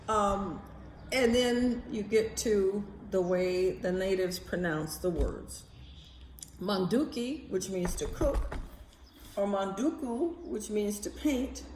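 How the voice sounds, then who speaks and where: A woman vlogging in a casual, animated chatty way, swearing now and then. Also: mid-range voice, reverberant, a little hiss or hum. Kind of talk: casual chat to camera.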